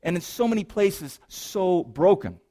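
A man with a high voice delivering a sermon to his congregation. He is playful and animated, dropping to a hush on serious lines and climbing into loud, excited exclamations. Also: unhurried. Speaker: pastor.

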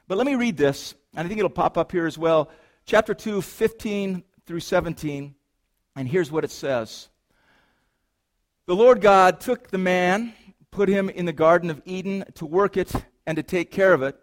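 High-voiced animated man preaching. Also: normal speed. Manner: animated, playful, swings from hushed to exclaiming. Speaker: pastor. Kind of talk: sermon.

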